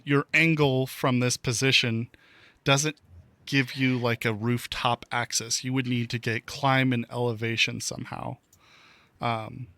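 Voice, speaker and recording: Slow, halting male game master. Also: medium pitch, sharp tone, dry recording. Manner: hesitant, many fillers. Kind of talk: narrating a tabletop game.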